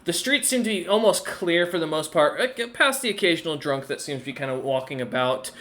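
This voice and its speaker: A man running a tabletop game, narrating scenes in a loose, casual way full of fillers. His voice is bright and a little higher than most men's. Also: expressive, fairly quick. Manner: casual, hesitant, lots of fillers. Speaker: game master.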